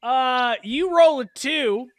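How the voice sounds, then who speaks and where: Man, game master, clear smooth voice, dry close sound, relaxed with lots of fillers. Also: extremely high pitch, slow pace, no room sound. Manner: laid-back, chuckling, many fillers. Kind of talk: narrating a casual tabletop game.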